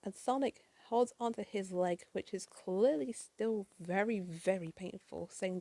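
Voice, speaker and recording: A woman's voice: medium pitch, unhurried, mellow, no echo. A woman narrating a comic book issue in a chatty, casual way, with swearing, fillers and side remarks. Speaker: comic reader.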